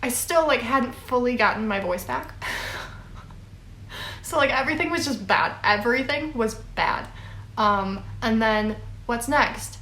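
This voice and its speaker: Young woman rambling thru a storytime vlog, kinda high voice, lots of um and like, echoey room. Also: animated, a little slow, sharp tone, slight background noise. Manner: rambling, lots of fillers and laughs. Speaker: vlogger.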